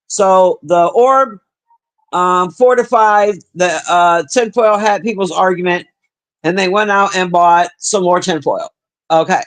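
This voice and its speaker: A man's voice: high voice, a little slow, fairly bright tone. A man livestreaming, chatting casually and crudely with his viewers in a rambling way. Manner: profane, chatty, talks to the chat. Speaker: livestream host.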